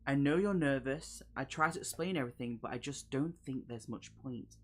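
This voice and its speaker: Man reading eerie impostor, soft calm comforting voice, horror gamebook, mid pitch. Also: normal speed, close to an everyday voice. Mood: soothing. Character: eerie impostor posing as a loved one, soothing.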